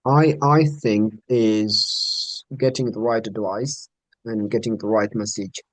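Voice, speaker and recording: A man's voice: lowish voice, fairly even intonation, slow pace, no echo, low-quality recording. A man from Sudan who speaks natively, talking earnestly as an interview guest in English with slightly grammar. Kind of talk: casual interview chat.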